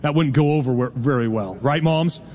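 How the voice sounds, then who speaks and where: A man in his forties preaching a sermon in a conversational, joking way, with quick asides to the congregation. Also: mid-range voice, darkish tone, long reverb tail. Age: 40s. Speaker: pastor.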